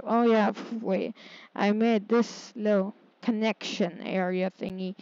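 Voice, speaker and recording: Slow-talking woman muttering through gameplay. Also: medium pitch, dark tone, no room sound, dull audio. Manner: muttering to herself, easily exasperated. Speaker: gaming streamer. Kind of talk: casual gameplay commentary.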